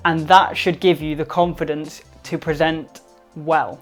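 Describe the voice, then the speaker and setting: A man giving upbeat instructional tips to camera, emphatic and varying his loudness to stress points. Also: on the high side, level tone, a little slow, faint music behind. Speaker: presentation skills vlogger.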